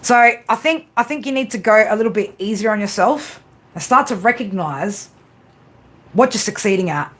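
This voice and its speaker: A woman's voice: mid-range voice, expressive, moderate pace, fairly bright tone. A woman hosting a casual livestream pep talk, blunt and swearing constantly, with frequent tag questions. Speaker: tarot reader and livestream host.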